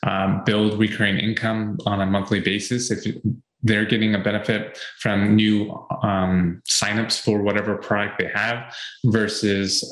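Male podcast co-host, lowish voice, earnest and rambling, echoey room. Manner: earnest, repeats points with fillers. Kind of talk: casual advice chat.

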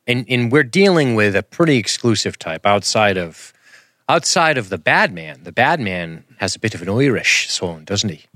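A man's voice: lowish voice, very animated, normal speed, a bit bright, no echo, studio quality. A man co-hosting a podcast, riffing on a film in casual, profane banter. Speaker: podcast co-host. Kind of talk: casual film-review chat.

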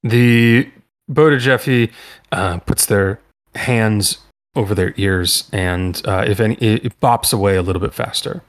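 A man narrating as game master of a tabletop role-playing game, in loose, halting speech full of fillers. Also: fairly low pitch.

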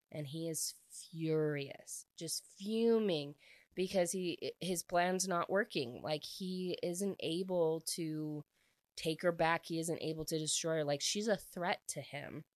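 Woman, low voice, casual rambling book recap, dry close sound. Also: no echo. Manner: rambling, frequent "like" fillers. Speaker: book reviewer.

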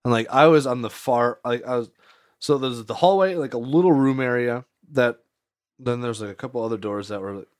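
Speaking briskly at a medium pitch, this man co-hosts a podcast and wanders through a story full of "like"s and frequent laughs. The casual storytelling chat is studio quality with no echo.

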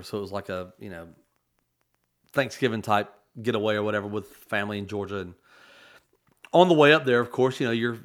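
Man telling an emotional family story. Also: lowish voice. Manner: rambling, emotional, many restarts and fillers. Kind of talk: storytelling in casual chat.

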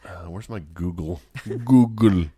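A man co-hosting a podcast in casual chat, animated and self-mocking, often stumbling over his words and laughing. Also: sits low, measured pace, slightly rough, no echo, clean studio sound. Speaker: podcast co-host.

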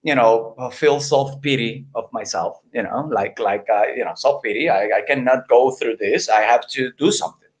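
A middle-aged man speaking as an interview guest, earnest and halting, often repeating words as he searches for them. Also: medium pitch. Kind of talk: candid personal interview.

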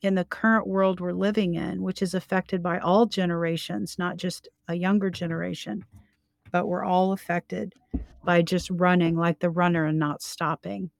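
An older woman co-hosting a faith podcast, speaking slowly and gently as she gives advice. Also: fairly low pitch, steady tone, vocal fry, no echo, clean studio sound. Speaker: co-host. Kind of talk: faith-based podcast chat.

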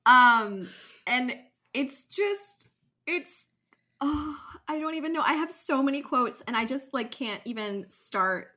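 Bright-voiced woman chatting about a book. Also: sits high, slow pace. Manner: animated, lots of "like", laughs while reading. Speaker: podcast co-host. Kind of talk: casual book chat, reading excerpts aloud.

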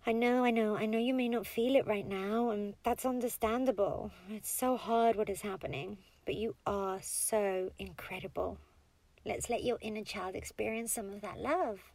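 A woman's voice: a little high, normal speed, creaky, darkish tone, no room sound. A woman in a whispered role-play as a comforting partner, tender and coaxing, often giggling and dropping into whispers.

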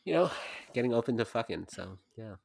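A man's voice: mid-range voice, very animated, fairly quick, creaky, darkish tone, dry recording. A young man co-hosts a casual podcast, wandering through stories with plenty of swearing and laughter. His voice sits in a middle range. The sound is dry and close. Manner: rambling, profane, laughs through anecdotes. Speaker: podcast co-host. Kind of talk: casual chat.

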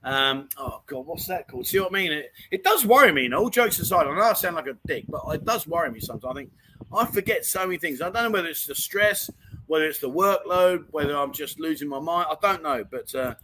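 A man's voice: fairly high pitch, sharp tone, a little hiss or hum, low-quality recording. A man hosting a casual livestream chat show, reading out viewer comments and rambling with easy laughter. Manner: chatty, rambling, laughs easily.

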